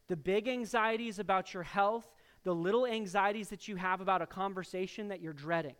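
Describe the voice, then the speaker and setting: A man preaching a sermon to his congregation, talking straight to them, swinging between emphatic loud bursts and quiet drops. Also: high-pitched, brisk, few pauses, clear, resonant tone. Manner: addresses the congregation directly as church. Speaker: pastor.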